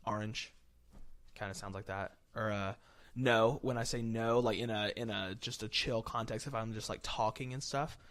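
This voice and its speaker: A man's voice: medium pitch, fairly bright tone. Joking young man hosting a podcast. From West Virginia. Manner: jokey, sarcastic, laughs often. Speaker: podcast host. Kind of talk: casual chat.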